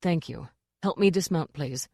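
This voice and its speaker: A woman voicing a gentle, polite male king who was once a jester. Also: sits low, moderate pace, creaky, dry recording, studio quality. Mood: fretful. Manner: soft, polite, fretful.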